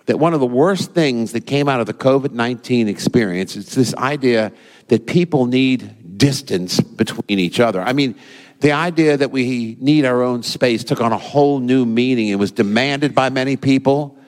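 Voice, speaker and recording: A man's voice: mid-range voice, lively intonation, moderate pace. Male pastor, sermon, folksy conversational storytelling, reverberant church sanctuary.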